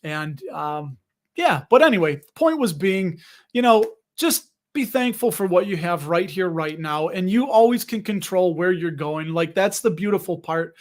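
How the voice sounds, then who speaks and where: A man's voice: high voice, animated, normal speed. A young man hosting a casual livestream, talking with viewers in a rambling, jokey way full of fillers and restarts. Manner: chatty, rambling, jokey, with frequent fillers and self-interruptions. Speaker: livestream host reading viewer comments. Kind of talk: casual livestream chat about dividend investing.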